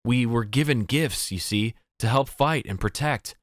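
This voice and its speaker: A man voicing a nervous teenage girl with a squeaky voice in an audiobook. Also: measured pace, no echo, clean studio sound, close to an everyday voice.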